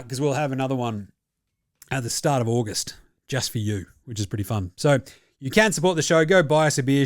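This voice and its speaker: A man's voice: mid-range voice, no echo, clean studio sound. A man with an Australian accent, hosting a sports podcast and signing off in a casual, matey chat with a fair bit of swearing. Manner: swearing, laid-back and matey. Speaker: podcast host.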